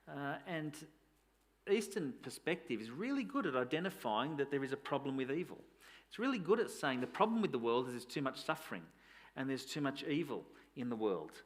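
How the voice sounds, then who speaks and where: A pastor preaching a sermon in a conversational tone, asking rhetorical questions and restarting phrases often. His voice sits in an ordinary middle pitch for a man. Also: very animated, fairly quick.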